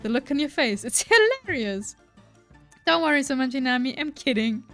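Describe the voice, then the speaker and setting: A woman's voice: sits high, big pitch swings, normal speed, fairly bright tone, no echo, soft background music, heavily acted. A woman voicing a cheerful, teasing sporty young woman in a dating game. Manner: teasing, bubbly.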